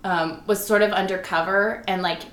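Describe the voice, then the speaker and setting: A woman actress and writer chatting casually as an interview guest, animated and laughing often. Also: medium pitch, moderate pace. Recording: roomy echo with faint room noise.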